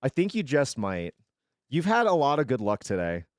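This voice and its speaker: A man's voice: medium pitch, huge pitch swings, moderate pace, no echo, clean studio sound. A male streamer chatting casually while opening card packs, swearing freely and tripping over card names.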